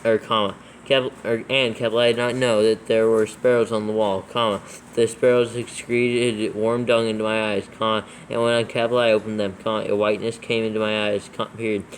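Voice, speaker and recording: Brisk, flat male reader dictating text with punctuation for a proofread check. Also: fairly low pitch, slight background noise, low-quality recording. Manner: flat, steady reading that spells out punctuation and letters. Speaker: scripture reader in a proofreading session.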